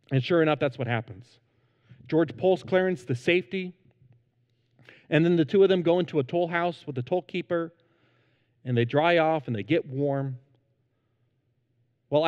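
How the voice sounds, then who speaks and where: Earnest high-voiced male pastor. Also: long reverb tail, muffled recording. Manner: earnest, emphatic. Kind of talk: sermon. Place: church sanctuary.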